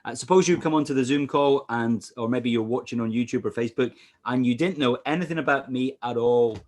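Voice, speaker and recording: A Scottish man preaching as a pastor over a video call, animated, with frequent "uh" fillers. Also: mid-range voice, fairly quick. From Scotland. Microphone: computer mic on a video call.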